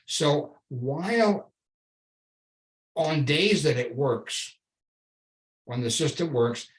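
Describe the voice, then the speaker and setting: A man giving a public slide lecture, wry and sarcastic, stressing key words slowly, with frequent restarts and fillers. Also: on the high side, animated, rough recording. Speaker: invited speaker giving a slide talk.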